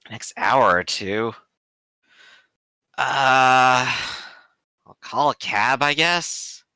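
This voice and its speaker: A man's voice: mid-range voice, extremely slow, sharp tone, clean tone, no echo. A man voicing a busy middle-aged city campaigner who rambles and hesitates with many fillers.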